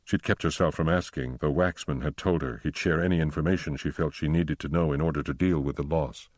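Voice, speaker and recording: A man narrating an audiobook in a steady, unhurried storytelling manner on a close microphone. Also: a bass voice, no echo.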